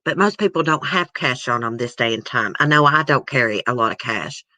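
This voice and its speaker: Rumbling low yet expressive, this host speaks briskly in a pushed, bright voice on a dry recording. She reacts to news clips in a casual, emotional, chatty way, talking straight to her viewers.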